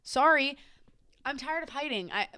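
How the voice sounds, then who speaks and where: A woman's voice: sits high, animated, normal speed, pushed and bright, dry recording. Candid swearing woman podcast host. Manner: candid, swears freely, many fillers and restarts. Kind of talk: casual personal talk.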